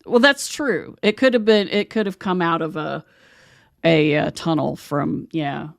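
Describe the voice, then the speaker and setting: A woman's voice: low voice, a little slow, vocal fry, dry recording, clean studio sound. A woman from West Virginia hosting a podcast, telling stories in a chatty, rambling way. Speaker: podcast host. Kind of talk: casual conversation.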